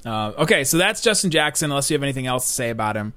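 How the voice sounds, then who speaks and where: A man's voice: medium pitch, very animated, very fast, pushed and bright. A man co-hosting a sports podcast, talking casually and laughing between points. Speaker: podcast co-host.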